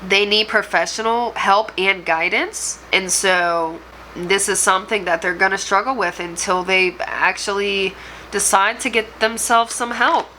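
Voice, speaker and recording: A woman's voice: mid-range voice, bright, forceful tone, a little hiss or hum, low-quality recording. A woman reading tarot cards and channeling messages, talking straight to the viewer in an earnest, reassuring way. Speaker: tarot reader and medium.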